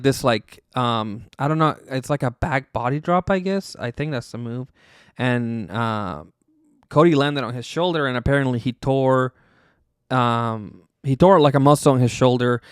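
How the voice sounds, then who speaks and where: A man's voice: mid-range voice, measured pace, clear, resonant tone, dry recording, studio quality. A man hosting a podcast, recapping casually in a rambling, profane way, full of fillers and chuckles. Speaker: podcast host.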